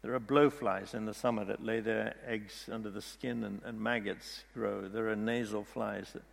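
Gravelly man telling a story in an echoey hall. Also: on the low side, fairly even intonation, moderate pace. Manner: rambling storyteller with frequent restarts. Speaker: speaker retelling a story from a book. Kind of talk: storytelling talk.

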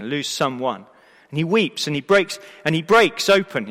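A man preaching a sermon to a live congregation, emphatic and expressive, asking the listeners rhetorical questions and often restarting his sentences. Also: fairly high pitch. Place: church or hall before a live congregation. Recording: long reverb of a large hall.

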